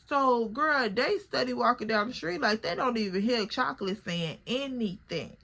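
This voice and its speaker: A woman's voice: fairly high pitch, expressive, normal speed, creaky, few pauses, bright, forceful tone. A young woman telling viewers a storytime in a casual, slangy, profane way and calling them girl.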